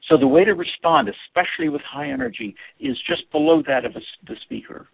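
A man with a deeply gravelly, husky voice gives an earnest instructional talk on communication. His pitch swings widely as he stresses points, often repeating words. The sound is thin and tinny, like a phone line. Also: very animated, fast talker. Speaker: communication teacher.

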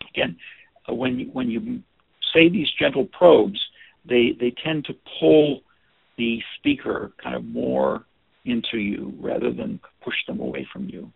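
A man giving an informal lesson on listening in a gentle, hesitant way, with many restarts and fillers. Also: mid-range voice, expressive, normal speed, gravelly, slightly rough, dry recording. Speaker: teacher of listening skills. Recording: dry, phone-like narrow sound.

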